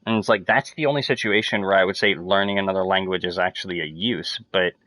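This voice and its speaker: A man's voice: low voice, quick pace, sharp tone, dry recording. A man chatting casually while playing a video game, rambling with lots of fillers and swearing freely. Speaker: gamer streaming to friends.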